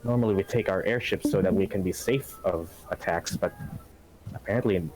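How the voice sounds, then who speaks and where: A man's voice: sits low, brisk, darkish tone, slight background noise, lightly acted, rough recording. A man doing Isaac, a lanky rusty warforged. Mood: earnest. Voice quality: meant to sound robotic. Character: lanky rusty male warforged turret operator.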